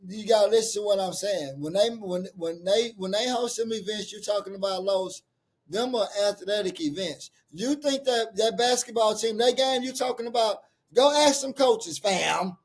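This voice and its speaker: Man, very high pitch, casual debate, insistent, profane. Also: normal speed. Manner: insistent, profane, talks over others. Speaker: podcast co-host.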